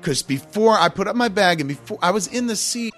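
A man telling a story in a casual podcast chat, animated and full of swearing. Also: high-pitched, a little fast, faint music behind. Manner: animated, profane, emphatic storytelling.

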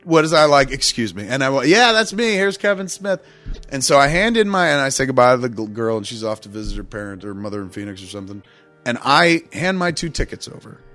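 Guy telling a long cussing story on a podcast, all over the place pitch-wise, bit of music behind. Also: lively intonation, fast, fairly bright tone. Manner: profane, rambling, acts out quotes. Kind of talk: casual storytelling chat.

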